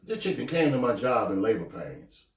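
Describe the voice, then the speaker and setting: Animated, profane storytelling man. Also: medium pitch, moderate pace. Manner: animated, profane, acts out quotes. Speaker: podcast host telling a story. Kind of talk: casual podcast storytelling. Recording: echoey room, mic at a distance.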